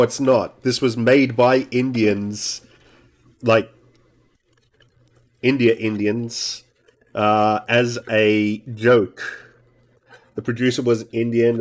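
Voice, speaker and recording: As he works on a game console, a middle-aged man from Australia with a medium-pitched, darkish voice chats and mutters to himself. He coaxes parts into place while soldering, keeping the talk casual.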